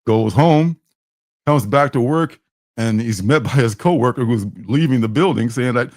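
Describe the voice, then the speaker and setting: A man's voice: mid-range voice, moderate pace, a little mellow, no echo, studio quality. A man hosting a comic book livestream, chatting casually and rambling with fillers and restarts, sometimes acting out characters' lines.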